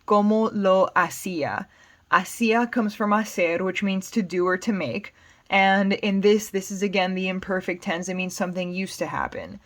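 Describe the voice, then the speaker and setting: A woman's voice: medium pitch, fairly even intonation, normal speed. A woman with an American accent teaching Spanish, patiently explaining song lyrics word by word. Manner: patient, plain explanations with fillers.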